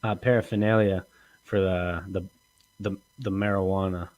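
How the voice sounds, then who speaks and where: A man hosting a casual comedy podcast, rambling and crude, acting out quotes in lively voices. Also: deep voice, moderate pace. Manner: rambling, profane, acts out quotes in animated voices. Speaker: podcast host.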